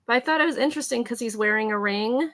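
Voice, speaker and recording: A woman's voice: on the high side, fast, a bit bright. A middle-aged woman hosting a live vintage photo sale, chatting casually as she describes each item. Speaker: host selling vintage photos.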